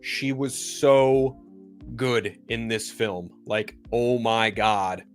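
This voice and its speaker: A movie review vlogger reviews a superhero film in casual chat, gushing enthusiastically, swearing, and rambling with frequent sentence restarts. His voice is fairly low with fairly even intonation and a very slow pace, and faint music plays behind him.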